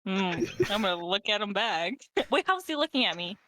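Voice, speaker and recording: Female player, very animated pitch, bright tone, keeps laughing. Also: moderate pace, no echo. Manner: giggly, loud, self-mocking. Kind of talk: casual tabletop play.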